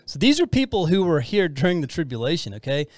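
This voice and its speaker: A man with a slightly high voice teaches scripture to his podcast listeners in an earnest, rambling way. He circles back and restarts his sentences often. The sound is close and dry, with no room around it. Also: very animated, fast talker, a little mellow, no room sound. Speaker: podcast host teaching the Bible. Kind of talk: casual Bible teaching.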